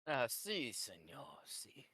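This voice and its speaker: A man's voice: on the low side, unhurried, no room sound, studio quality. A man voicing a young man who puts on an exaggerated, bad Spanish accent in a tabletop role-play. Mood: eager.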